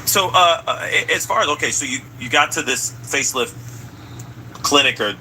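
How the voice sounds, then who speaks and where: A man hosting a casual chat who reacts excitably and stumbles through his questions. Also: on the high side, moderate pace, slight background noise, rough recording.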